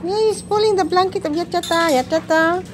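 A woman's voice: very high-pitched, fairly even intonation, brisk, background noise. A woman, filming her dogs on her phone and scolding them playfully between laughs. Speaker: dog owner filming her pets. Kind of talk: casual home video chat to dogs. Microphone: phone camera. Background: dogs barking and playing.

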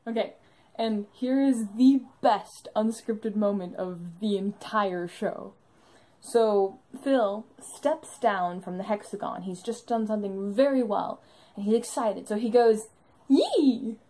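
A woman's voice: medium pitch, slow pace, warm tone, low-quality recording. A young woman narrating an enthusiastic fan vlog about a live show she went to, in a bubbly storytelling manner.

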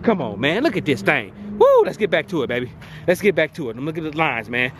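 A man's voice: on the high side, wildly swooping pitch, fast, a little hiss or hum. Hyped slangy man showing off a car. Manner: hyped, slangy, rhyming wordplay and repeated catchphrases. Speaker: car vlogger. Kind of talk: excited car walkaround vlog. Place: outdoors at a car dealership lot.

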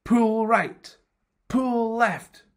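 A reader voicing a bossy male talking head from a folktale, in a raised, excited voice. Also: mid-range voice, takes it slowly, breathy edge, heavily acted. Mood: alarmed.

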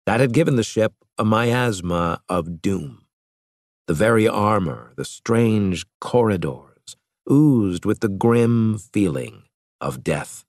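Low male voice, lively pitch, dry close mic, dramatic audiobook narration. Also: takes it slowly, dry recording. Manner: dramatic reading with varied voices. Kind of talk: scripted narration.

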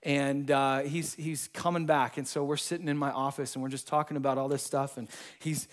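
A man preaching a sermon and telling personal testimonies in a casual, slangy, animated way. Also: medium pitch, brisk. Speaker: pastor.

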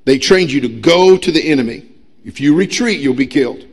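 A middle-aged man preaching a sermon as pastor, emphatic and humorous, swinging between loud pushes and quiet asides. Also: fairly high pitch, animated, a little fast, husky. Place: church sanctuary.

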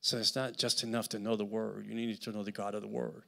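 A man with a Puerto Rican accent preaching a sermon as guest speaker at a church service, telling stories in an animated way and building up to loud preaching. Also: on the low side, fast, vocal fry.

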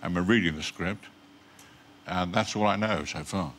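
An older English actor telling rambling, dry anecdotes as a talk show guest, with mumbled asides. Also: male voice, sits low, normal speed, background noise. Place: TV studio with audience.

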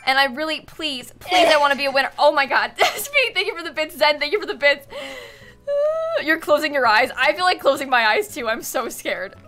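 Giggly dramatic girl streaming a game, high bright voice, bit of music in the back. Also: very animated, moderate pace. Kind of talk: live-stream chat while gaming.

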